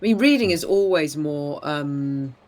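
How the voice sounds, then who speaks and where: Casual male co-host, higher-pitched, easy laughter, trailing sentences. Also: expressive, measured pace, a little mellow. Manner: chatty, laughs often, trails off. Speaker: podcast co-host. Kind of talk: casual chat.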